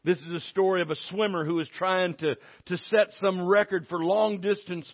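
A man preaching a sermon to his church with passion, dropping to a hush and then rising to a shout. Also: sits high, fairly even intonation, moderate pace. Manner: impassioned, swinging from hushed to shouting. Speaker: pastor. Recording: tinny phone-like sound.

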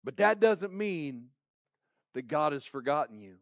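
A man's voice: fairly high pitch, big pitch swings, a little slow, dry recording, muffled recording. A male pastor giving a heartfelt sermon who repeats his phrases for emphasis. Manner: heartfelt, pleading preaching.

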